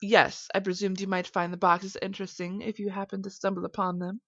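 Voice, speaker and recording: A woman's voice: mid-range voice, little pitch movement, fairly quick, a bit bright, slight background noise, close to an everyday voice. A woman voicing a cold, haughty rich hotel-owner woman who speaks curtly and dismissively, in a dull lo-fi recording. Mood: cool, dismissive. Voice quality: curt, dismissive.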